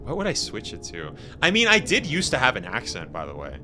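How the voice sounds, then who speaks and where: Animated, lively male game streamer. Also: medium pitch, fairly quick, music in the background. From Canada. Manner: animated, slangy, laughs often. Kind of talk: casual live-stream chat.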